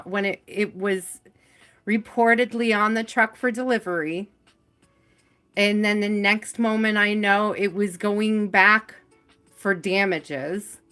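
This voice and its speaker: A woman's voice: mid-range voice, a bit bright. A woman hosting a tarot live stream from home, chatting casually, greeting viewers by name and laughing often.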